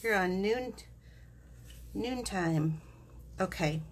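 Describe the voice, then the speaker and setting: A woman's voice: medium pitch, drawn-out words, a little hiss or hum. A woman hosting a live craft demonstration, chatty and giggly, explaining each step as she works.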